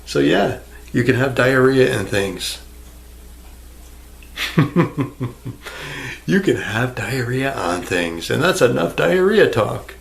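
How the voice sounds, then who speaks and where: A man's voice: mid-range voice, big pitch swings, slow, vocal fry, pauses often. A man ranting to the camera in a rambling, sarcastic way, swearing freely and answering an imagined viewer. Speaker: vlogger. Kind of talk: rambling casual rant to camera.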